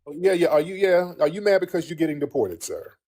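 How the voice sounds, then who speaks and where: A man's voice: a little high, animated, quick pace, a little mellow. A man hosting a livestream, mocking and scolding a caller in a heated, repetitive way. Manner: mocking, repeats himself, talks down to a caller. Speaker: streamer host.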